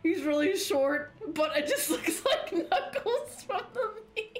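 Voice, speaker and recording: Young woman gaming streamer, giggly, high voice that jumps all over, slow easy pace. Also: big pitch swings. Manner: giggly, laughs constantly while talking. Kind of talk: casual let's-play chat.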